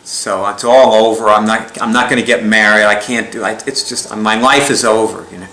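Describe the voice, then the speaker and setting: A man tells a story in a casual, rambling way, with a bright, forceful tone. He chuckles often and restarts his sentences as he goes. The sound rings in a roomy, echoey space. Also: fairly low pitch, steady tone, moderate pace. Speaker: speaker recounting a client story. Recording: echoey room.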